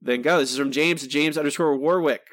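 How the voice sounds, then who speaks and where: A man hosting a podcast, reading listener answers aloud in a relaxed, chatty way with some self-corrections. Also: a little high, brisk, dry recording. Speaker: podcast host.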